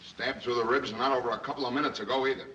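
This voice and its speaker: An actor as a brash wisecracking police inspector. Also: male voice, medium pitch, steady tone, rapid-fire, highs cut off, background noise, close to an everyday voice. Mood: gruff. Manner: gruff, wisecracking, barking orders. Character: brash, impatient middle-aged male police inspector. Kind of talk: 1930s film acting.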